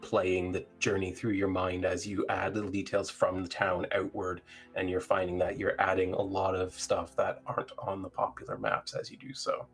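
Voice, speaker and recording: A man narrating as game master of a tabletop game, relaxed and full of fillers. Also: low voice, vocal fry, slightly rough.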